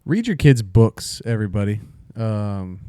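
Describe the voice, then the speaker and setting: A man's voice: on the low side, big pitch swings, measured pace, warm tone, clear, resonant tone, no room sound, clean studio sound. A man co-hosting a casual podcast, cracking blunt jokes and running through show plugs full of "uh" and "um". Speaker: podcast co-host. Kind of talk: casual chat.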